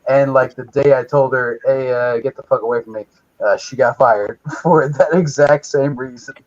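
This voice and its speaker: A man's voice: medium pitch, moderate pace. A man telling a long, profane story in casual chat, acting out the people in it as he goes. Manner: profane, animated retelling with acted quotes. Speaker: co-host. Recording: dull lo-fi stream audio.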